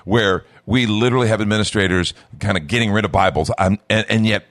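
A man's voice: on the low side, fast, fairly bright tone, no room sound, studio quality. A man hosting an interview, affirming and asking follow-up questions. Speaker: host.

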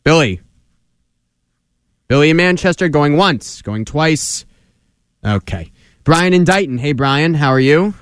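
A man with a slightly raised voice runs the phone lines on a talk radio show. He is blunt and brisk, quick to push back. His voice is close and dry. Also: a little high, expressive, a bit bright, clean tone, no echo. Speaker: radio show host taking calls. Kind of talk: radio call-in debate.

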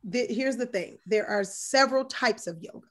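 A woman guest in casual conversation, her voice sitting a little high. She speaks emphatically, with animated, mocking asides. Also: normal speed. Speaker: yoga instructor. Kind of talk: casual chat.

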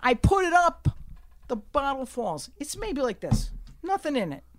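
A woman telling a story in casual chat, brash and profane, swinging from hushed asides to shouting. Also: high voice, big pitch swings, unhurried, crowd noise.

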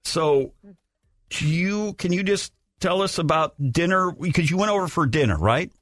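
A man's voice: a little high, animated, normal speed, fairly bright tone, no room sound. A man co-hosting a morning radio show from the studio, coaxing and incredulous as he talks with callers. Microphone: studio microphone.

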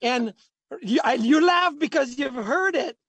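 Animated former hockey player telling stories. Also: male voice, extremely high pitch, a little slow, breathy edge, no echo. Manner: animated storyteller, acts out quotes. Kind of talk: storytelling on sports talk show.

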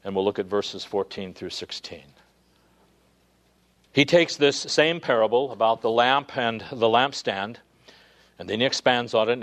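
A man preaching a sermon, building to emphatic peaks and then dropping low and quiet. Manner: preaching with swelling emphasis, dropping to near-whisper at times. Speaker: pastor.

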